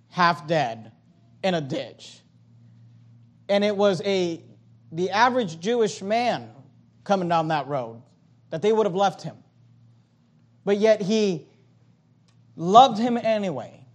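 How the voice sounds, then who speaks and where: A man preaching a sermon as pastor, emphatic, with loud high swings and quiet low drops.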